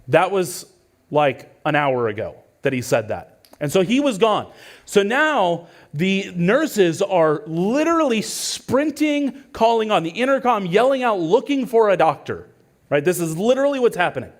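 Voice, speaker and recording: A man in his thirties, a pastor preaching a sermon with earnest storytelling that swings between hushed and urgent. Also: high voice, very animated, measured pace. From California.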